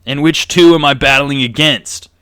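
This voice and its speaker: Man doing a swaggering fanged monster fighter, loud, crude, crisp bright tone, dry mic. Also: medium pitch, moderate pace, no echo, voice pushed up, natural voice. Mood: brash. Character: brash fanged male battling creature, cocky.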